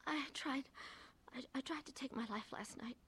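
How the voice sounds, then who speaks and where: A woman's voice: mid-range voice, normal speed, lightly acted. An actress voicing a troubled middle-aged wife who narrates her own story and acts its scenes, in a radio drama. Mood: distraught. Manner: earnest, confessional. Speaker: narrator and lead.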